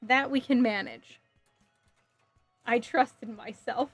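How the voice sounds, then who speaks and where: Putting together a model kit during a relaxed live stream, a woman responds to her chat with sass, playfulness, and easy giggles. Her slightly high voice is slow and husky, recorded without echo, with soft music faintly underneath.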